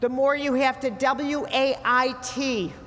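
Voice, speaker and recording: Blunt high-voiced woman lecturing in a hall. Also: slow pace, a bit bright. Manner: blunt, emphatic, teasing. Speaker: speaker giving a talk. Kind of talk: lecture to a live audience. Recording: hall reverb with faint ambience.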